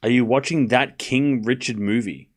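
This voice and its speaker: A young Australian man with a mid-range voice speaks at normal speed while streaming a tennis watchalong. He keeps track of the scores aloud and throws joking, sarcastic remarks at his chat.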